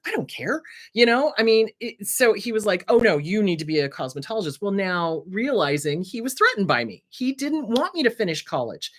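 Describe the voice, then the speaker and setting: Woman, therapist host, lively swooping pitch, chatty, blunt, joking. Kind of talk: casual advice talk to camera.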